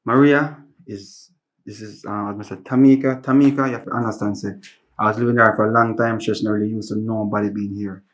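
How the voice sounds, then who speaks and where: A man's voice: on the low side, fairly even intonation, a little fast, lightly acted. A man playing a father who brings his daughter home, pleading and repeating himself in patois-laced talk.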